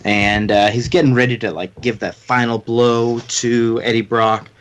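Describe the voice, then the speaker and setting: A man's voice: medium pitch, little pitch movement, measured pace, a bit bright. A man co-hosting a casual comics podcast, recapping the plot with lots of fillers and mock-dramatic flair. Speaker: podcast co-host.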